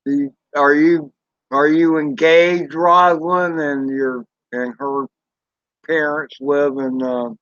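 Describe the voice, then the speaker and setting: Slow-talking Southern man chatting folksy. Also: a little high, fairly even intonation, fairly bright tone, no room sound, dull audio. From Southern United States. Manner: rambling, folksy, drawn-out fillers, mild swearing. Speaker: drone channel host reading live chat. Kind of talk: casual live-stream chat.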